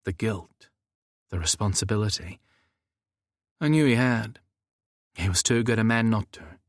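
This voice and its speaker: A man narrating a novel in the first person, with an expressive, wry delivery. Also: fairly low pitch, unhurried, no room sound, clean studio sound. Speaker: audiobook narrator.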